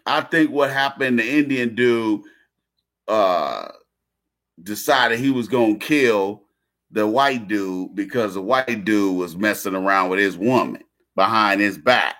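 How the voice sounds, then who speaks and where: A man's voice: on the low side, measured pace, fairly bright tone. A man delivering a casual monologue rant, blunt and slangy, repeating himself and restarting phrases.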